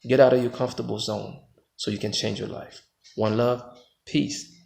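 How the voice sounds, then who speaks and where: American guy with a gravelly voice, pushy motivational pep talk, gets loud then drops low. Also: steady tone, moderate pace. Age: adult father. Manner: emphatic, preachy, swings between loud pushes and low reflective stretches. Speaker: motivational vlogger. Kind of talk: motivational monologue.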